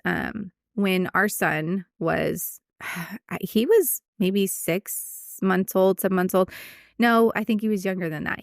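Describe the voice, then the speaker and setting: A woman's voice: on the low side, creaky, dry recording, clean studio sound. A woman in her thirties, a veterinarian hosting a podcast, explaining things in casual chat and laughing easily. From United States.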